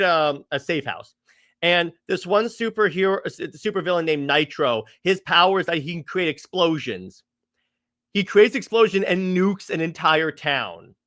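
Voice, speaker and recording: A man co-hosting a podcast, excitedly retelling comic storylines with lots of stammers and restarts, acting out the characters' quotes. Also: high voice, normal speed, no echo, clean studio sound. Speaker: podcast co-host. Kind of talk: casual comics chat.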